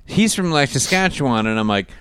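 A man's voice: medium pitch, big pitch swings, brisk, a bit bright, smooth. A man co-hosting a casual movie review chat, chatty and laughing while he retells scenes. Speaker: podcast co-host.

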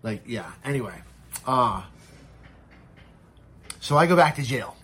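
A man's voice: medium pitch, expressive, measured pace, fairly bright tone. Candid, swearing man telling a story. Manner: candid, profane, acts out quoted voices. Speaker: podcast guest. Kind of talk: casual storytelling.

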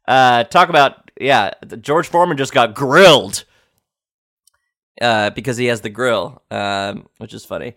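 A man hosting a podcast, casually reading out sports quotes and reacting with loud disbelief and swearing. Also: medium pitch, measured pace. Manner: incredulous, swears and reacts loudly. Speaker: podcast host.

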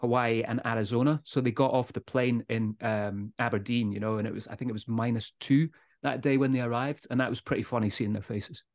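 A Scottish man hosting a whisky podcast in easy, energetic chat, laughing often and swearing now and then. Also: medium pitch, a little fast. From Scotland. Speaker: podcast host. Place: Speyside, Scotland.

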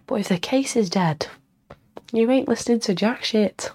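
A woman's voice: fairly high pitch, normal speed, darkish tone, breathy edge. A young woman hosting a casual solo podcast, rambling and self-mocking, a little stuffed up with a cold and tired. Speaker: podcast host.

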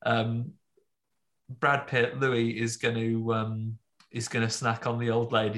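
A man casually recapping a film with friends, jokey, slipping into quick voices for the characters. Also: medium pitch, flat delivery, a bit bright. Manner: jokey, acts out lines in quick put-on voices. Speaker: podcast co-host recapping a film. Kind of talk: casual chat.

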